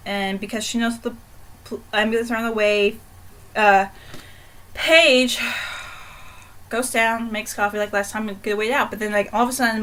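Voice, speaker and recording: A young woman giving a casual, chatty book review in a vlog, animated and full of fillers. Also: fairly high pitch, rough recording.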